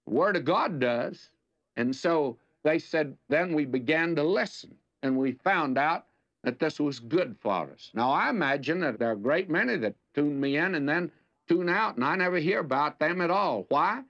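An older man with a Southern US accent gives a folksy radio Bible lesson, his fairly high voice swooping up and down with lively emphasis. The recording sounds dull and lo-fi, like old radio. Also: moderate pace. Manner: folksy and anecdotal, with dramatic emphasis.

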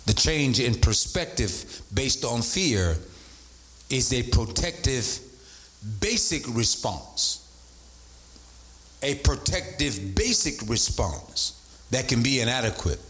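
A man preaching a sermon as a bishop, animated, repeating his points and calling out to the congregation. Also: slow, long pauses. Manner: animated preaching, voice leaping up in pitch for emphasis; repeats phrases and calls out to the congregation. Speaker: bishop and pastor.

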